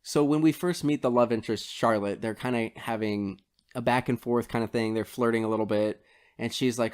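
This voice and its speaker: A man's voice: medium pitch, fairly even intonation, brisk, a little mellow, smooth. A man co-hosting a casual movie review podcast, animatedly recapping favorite scenes and laughing often. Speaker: podcast co-host.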